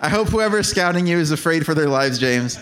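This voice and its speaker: High-voiced man hosting a live show. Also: expressive, a little fast, a bit bright. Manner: upbeat, laughing banter with guests. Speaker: host. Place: live venue with audience.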